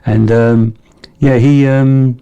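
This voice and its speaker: Man, podcast co-host, rambling storyteller, gravelly, mellow, casual chat. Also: medium pitch, little pitch movement, slow pace, lo-fi sound. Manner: rambling, self-correcting storyteller.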